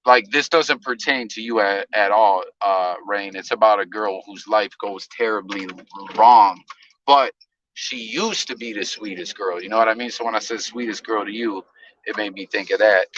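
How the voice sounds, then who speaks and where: A man's voice: on the low side, steady tone, moderate pace, fairly bright tone, highs cut off. Laid-back rambling man on a live stream. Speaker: livestream host. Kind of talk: casual live chat. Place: in a car on the highway. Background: wind.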